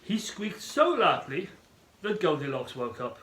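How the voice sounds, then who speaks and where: A man narrating a children's story in an animated, expressive manner. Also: fairly high pitch, unhurried. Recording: echoey room.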